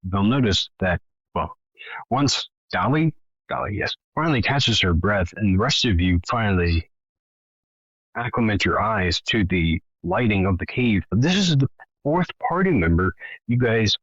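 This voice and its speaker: A man's voice: lowish voice, lively intonation, unhurried, fairly bright tone, no echo, highs cut off. A man narrating a tabletop game as game master, in a dramatic, rambling way.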